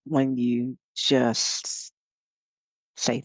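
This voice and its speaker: A woman leading a guided rest meditation, speaking softly and unhurriedly with long pauses between phrases. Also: rumbling low, vocal fry, dry recording. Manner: slow, soft, unhurried guidance with long pauses.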